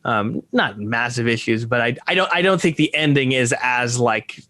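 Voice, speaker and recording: A man's voice: mid-range voice, expressive, normal speed, pushed and bright, no echo. Man musing in a dry podcast recording. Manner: rambling, full of restarts and hesitations. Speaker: podcast co-host. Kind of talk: casual film discussion.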